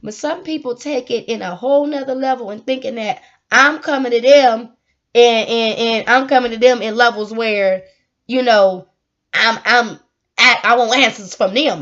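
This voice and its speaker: Woman, fairly high voice, casual vlog monologue, earnest, preachy, laughs often, muffled lo-fi audio. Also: normal speed, a bit bright. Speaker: vlogger giving life advice. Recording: dull lo-fi sound.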